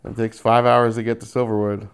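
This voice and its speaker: A man's voice: fairly low pitch, flat delivery, vocal fry, clear, resonant tone. A man preaching a sermon, addressing believers directly and acting out the voices of the people he describes. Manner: acts out quoted voices, drawn-out "mm" sounds.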